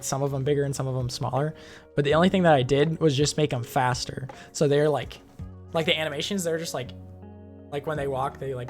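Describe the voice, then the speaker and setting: Young woman streamer, lowish voice, rambly and profane, faint music behind. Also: fairly bright tone. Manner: profane, giggly, rambling with many fillers. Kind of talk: casual chat while reading fanfiction aloud on stream.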